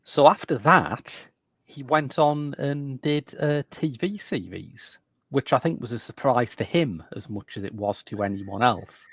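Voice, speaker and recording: A man hosting a podcast, talking quickly and energetically in casual chat. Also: medium pitch, slightly rough, dry recording, lo-fi sound. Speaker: podcast host.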